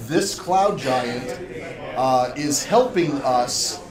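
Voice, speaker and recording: Slow-talking guy playing his d&d character, stops and restarts a lot, far off in an echoey room. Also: medium pitch, expressive, crowd noise. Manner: halting, full of restarts. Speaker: player. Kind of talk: in-character tabletop play.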